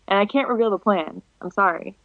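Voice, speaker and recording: A woman's voice: medium pitch, a little fast, no room sound. Giggly young woman telling stories. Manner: giggly, animated storyteller, laughs often. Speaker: podcast guest, wrestler. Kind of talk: casual podcast chat. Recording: dull lo-fi dry sound.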